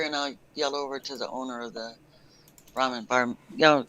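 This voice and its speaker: A man's voice: medium pitch, flat delivery, moderate pace, pushed and bright, smooth, rough recording. A man playing in a tabletop game, speaking casually and stumbling on his first words. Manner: talks in character, repeats words when starting. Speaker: player.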